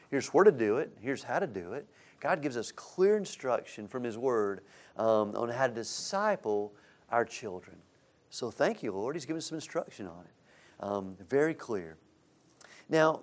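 A man leads an interactive Bible lesson for parents in a church classroom. His pitch moves a lot as he asks questions and picks up the answers from the group. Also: a little mellow. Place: church classroom with a live audience.

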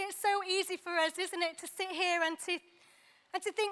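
Woman, very high voice, sermon, dramatic pauses. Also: fairly even intonation, bright, forceful tone. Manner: dramatic pauses, acts out quoted dialogue. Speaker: preacher.

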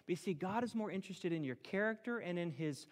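Middle-aged guy preaching, gets loud and animated, echoey church hall sound. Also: sits high, quick pace. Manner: animated preaching, acts out prayers in raised voice. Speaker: pastor. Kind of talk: sermon. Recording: long reverb of a hall.

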